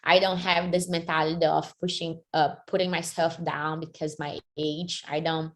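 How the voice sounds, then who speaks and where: A woman's voice: sits low, normal speed. A woman, a fighter answering interview questions energetically, with many "like" fillers. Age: 30s. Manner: energetic, frequent "like" fillers, second-language phrasing. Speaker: MMA fighter and jiu-jitsu athlete.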